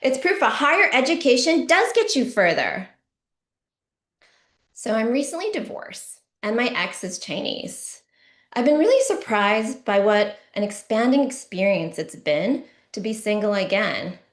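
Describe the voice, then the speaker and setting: Middle-aged female comic, deadpan with shouty bursts, bright high voice, roomy echo. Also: unhurried. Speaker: stand-up comedian. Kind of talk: stand-up comedy set.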